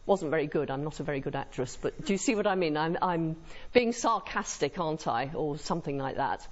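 A woman's voice: sits low, expressive, a little fast. A woman lecturer giving a university lecture to a live audience in a lecture room, engaging them with frequent tag questions. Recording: muffled lo-fi lecture recording.

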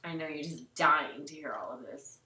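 A woman's voice: deep voice, normal speed, bright, forceful tone. A woman in her forties reading her own teenage diary entries aloud, dramatic and tearful, with wry asides. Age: 40s. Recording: roomy sound from a distant mic.

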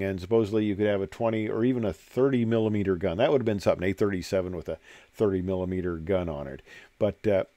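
A man's voice: lowish voice, darkish tone, no room sound. An older man and former military pilot, telling rambling stories over slides with lots of fillers. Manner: rambling storyteller with many fillers. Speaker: retired military pilot giving a presentation. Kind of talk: anecdotal presentation over slides.

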